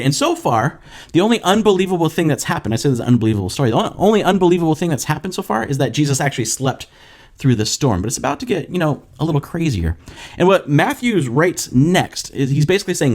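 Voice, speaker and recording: A young man preaching a casual sermon. He tells a story and acts out the quoted voices with animated energy. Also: mid-range voice, a little fast. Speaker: pastor.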